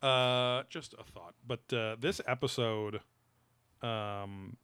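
Man, podcast co-host, rambling casual talk, bright tone, dry close sound. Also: medium pitch, steady tone, slow pace, clean tone, no echo. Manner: rambling, loose, frequent fillers and swearing. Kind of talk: casual chat.

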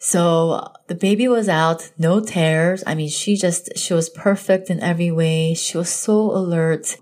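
A woman's voice: lowish voice, fairly even intonation, measured pace, darkish tone. A young woman telling a personal story in an earnest, emotional way, with lots of casual fillers. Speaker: podcast host telling her birth story.

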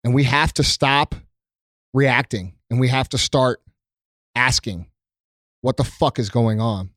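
A man speaks off the cuff to his followers, earnest and shaken, with frequent swearing and halting restarts. His voice sits in an ordinary middle pitch and sounds close and dry, with no room around it. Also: steady tone, fairly bright tone, no room sound. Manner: earnest and emotional, heavy swearing, many ums and restarts. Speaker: small business owner addressing his followers. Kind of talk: unscripted heartfelt monologue. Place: his company premises, indoors.

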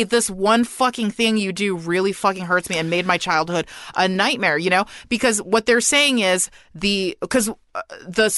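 A woman co-hosting a casual podcast chat, arguing forcefully and swearing freely. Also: medium pitch, no room sound, clean studio sound. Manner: forceful, heated, profane. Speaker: podcast co-host.

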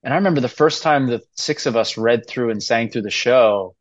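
A man's voice: medium pitch, a little fast, no room sound, lo-fi sound. A man in his forties, a musical theater actor guesting on a podcast, talking earnestly and emotionally with many restarts. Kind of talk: casual interview chat.

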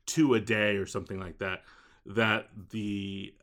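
A man co-hosting a casual book discussion podcast, talking haltingly with frequent "um" and restarts. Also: on the low side, flat delivery, fairly bright tone. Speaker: podcast co-host.

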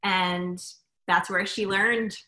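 A woman's voice: medium pitch, steady tone, slow, pushed and bright, reverberant, poor audio. A woman from Washington DC in casual group chat, playful and jokey. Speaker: panel guest.

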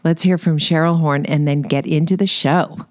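A woman's voice: low voice, fairly even intonation, moderate pace, darkish tone, dry recording. Upbeat woman hosting a podcast. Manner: upbeat, effusive. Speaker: podcast host. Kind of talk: scripted podcast intro.

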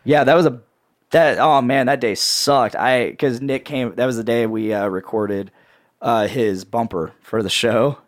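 A man hosting a casual podcast, rambling through plugs with a playful sales-pitch delivery. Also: measured pace, dry recording, clean studio sound. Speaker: podcast host and network editor. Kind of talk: casual podcast chat with co-hosts.

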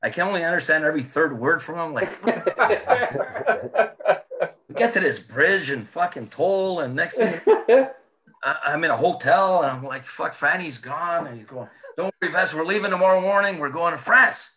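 Animated, swearing storyteller man. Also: on the high side, normal speed. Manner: animated, swears a lot, laughs through his stories. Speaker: former hockey player telling stories. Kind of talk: casual storytelling chat.

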